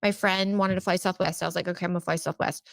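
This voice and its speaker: A woman co-hosting a casual chat show, telling animated stories and acting out what people said. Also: on the low side, fast talker, vocal fry, dry recording, clean studio sound. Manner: animated, exclaims and acts out quotes. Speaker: podcast co-host.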